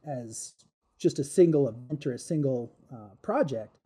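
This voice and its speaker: A man from Alaska, a guest on a radio podcast, speaking earnestly and thoughtfully with small pauses and restarts. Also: medium pitch, lively intonation, warm tone, breathy edge. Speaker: guest wildlife expert. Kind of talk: casual interview talk.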